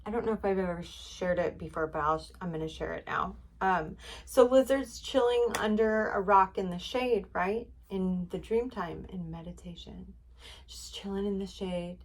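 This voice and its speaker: A woman hosting a relaxed spiritual reading, speaking at a mid-range pitch. She rambles in a friendly way and leans on fillers as she goes. She repeats her points to encourage the listener. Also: moderate pace, a little hiss or hum. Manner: chatty, rambling, many fillers; encouraging, repetitive. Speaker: spiritual card reader.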